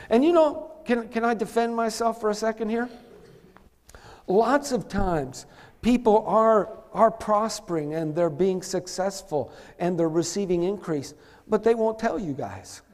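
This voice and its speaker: High-voiced preaching man in an echoey hall. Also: normal speed, darkish tone. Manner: emphatic, calls for congregation responses. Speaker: pastor. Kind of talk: sermon. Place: church sanctuary.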